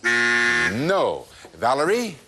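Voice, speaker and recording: A man's voice: mid-range voice, wildly swooping pitch, extremely slow, loud music behind the voice. A man hosting a TV game show, upbeat and chatty as he explains the rules. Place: TV studio with live audience. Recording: noisy 1980s TV studio tape, audience.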